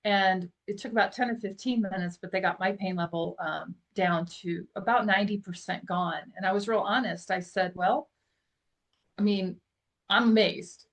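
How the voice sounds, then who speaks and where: A middle-aged woman speaks as a podcast guest, her pitch sitting in an ordinary middle range. She tells a personal story in a lively, chatty way and laughs often. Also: normal speed. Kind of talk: casual storytelling interview.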